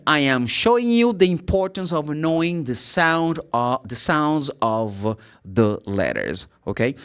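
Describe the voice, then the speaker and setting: A man with a Brazilian Portuguese accent teaching English pronunciation, spelling out letters and sounding them out. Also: fairly high pitch. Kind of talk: pronunciation lesson.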